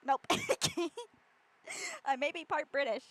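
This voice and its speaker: A woman with a high voice chats over a video she is watching, tossing out irreverent jokes and casual swears. Her reaction commentary sounds loose and off the cuff. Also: huge pitch swings, extremely slow, fairly bright tone, low-quality recording. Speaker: streamer.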